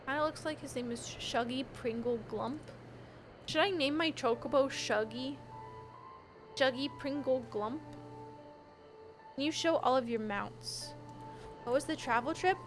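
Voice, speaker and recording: Young woman game streamer, high voice, tired and chatty, giggles a lot. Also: measured pace, pauses often, faint music behind. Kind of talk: casual live-stream chat.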